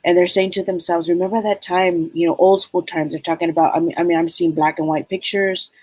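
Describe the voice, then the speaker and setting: A woman giving a live spirit reading as a psychic medium, rambling and halting with many fillers. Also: on the low side, level tone, darkish tone, no room sound, poor audio.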